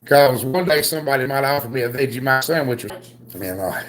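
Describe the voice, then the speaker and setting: A joking man rambling through a casual livestream chat, padding his talk with filler. His voice sits at an ordinary middle pitch and comes across as relaxed and unhurried. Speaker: co-host of a homestead livestream.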